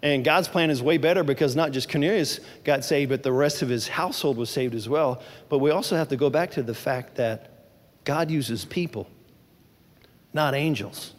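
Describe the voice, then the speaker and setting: A man's voice: on the high side, in a large hall. A male pastor delivering a sermon, preaching emphatically and asking the congregation questions.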